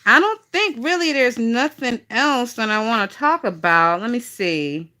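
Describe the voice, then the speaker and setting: A woman's voice: fairly high pitch, expressive, a little slow, sharp tone. A woman hosting a casual gossip livestream, chatty and profane, laughing often and talking to her chat. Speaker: gossip channel host.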